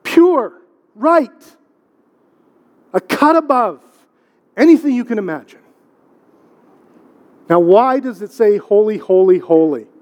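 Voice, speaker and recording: A man's voice: high voice, lively intonation, unhurried, pauses often, darkish tone. A middle-aged man, a pastor, delivering a conversational sermon with rhetorical questions and repeated words for emphasis. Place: church sanctuary. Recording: long hall reverb.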